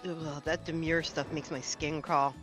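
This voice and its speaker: A woman in her forties, chatty and animated, telling funny stories during a game session. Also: deep voice, a little slow. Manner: chatty, animated storyteller, self-deprecating. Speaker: player in group chat. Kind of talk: casual gaming chat, storytelling. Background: game music.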